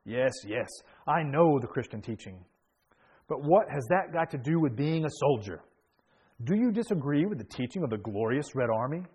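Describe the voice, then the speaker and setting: A man's voice: mid-range voice, animated, moderate pace, a little mellow, breathy edge. A man reading aloud the lines of a stern, weary Soviet army major in a sermon story, in a plain commanding manner.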